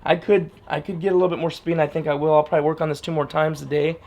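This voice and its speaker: A man with a slightly high, gravelly voice talks straight to the camera while training his dog outside. He is plain-spoken and repeats himself, and faint outdoor noise sits behind him. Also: little pitch movement, racing, a little mellow. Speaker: dog trainer, channel host. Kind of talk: casual training vlog.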